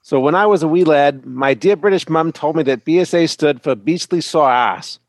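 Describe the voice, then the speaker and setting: A middle-aged man co-hosting a chat show, reading a listener's email aloud in a deliberate way. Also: a little high, dry recording. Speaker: co-host.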